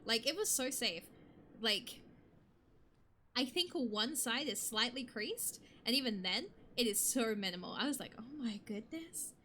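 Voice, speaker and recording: A bubbly young woman chats to her stream in a bright, crisp voice pitched a touch high. She rambles from one thing to the next and laughs easily. Faint noise sits under the recording. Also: expressive, measured pace. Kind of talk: casual chat with stream chat.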